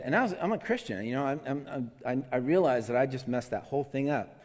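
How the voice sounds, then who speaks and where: A man teaches a devotional lesson in an earnest, conversational way, often stumbling and restarting his phrases. His voice sits at an ordinary pitch. The recording carries a long, hall-like reverb. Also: animated, brisk, darkish tone. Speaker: preacher.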